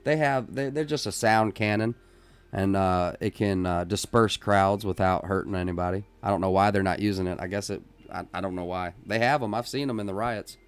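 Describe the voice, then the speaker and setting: A man hosting a casual live-stream podcast, who talks in an emphatic, rambling way with many restarts and works himself up into loud, excited rants. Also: lowish voice, fairly quick. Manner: rises into loud, excited ranting. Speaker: podcast host.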